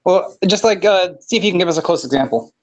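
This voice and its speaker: A man's voice: high-pitched, fast. A man from Texas with a Texas drawl, chatting casually in a laid-back, storytelling way. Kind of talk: casual group chat.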